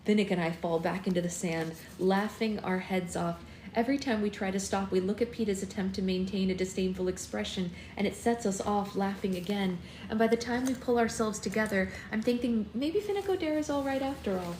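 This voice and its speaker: Reading a first-person novel aloud on a phone live stream for her book club, a woman performs the dialogue expressively. Her mid-range, darkish voice is brisk with fairly even intonation and hardly any pauses. Slight background noise and faint ambience fill the roomy space.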